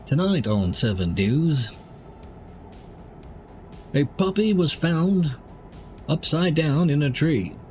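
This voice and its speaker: A man's voice: fairly high pitch, expressive, takes it slowly, pauses often, darkish tone, faint music behind, voice pushed up. A man voicing a pompous male TV newsreader with overdone news intonation. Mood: mock serious.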